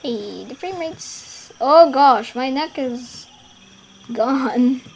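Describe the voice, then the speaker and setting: A woman giving casual gameplay commentary, giggling and rambling, trailing off mid-sentence and bursting into excited shouts. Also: sits high, very slow, a little hiss or hum. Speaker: gaming YouTuber.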